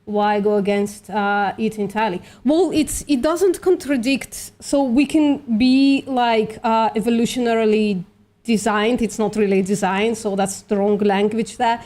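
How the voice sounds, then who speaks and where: A woman's voice: fairly high pitch, measured pace, mellow. A woman hosting a livestream who is losing her voice a little, reasoning aloud with many fillers in a casual voice-chat debate. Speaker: livestream host doing outreach calls.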